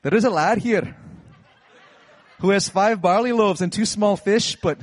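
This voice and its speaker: A man voicing a male disciple in a bold, loud Scottish accent during a sermon. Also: high voice, measured pace, dry recording, pitched above the performer's own voice. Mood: booming.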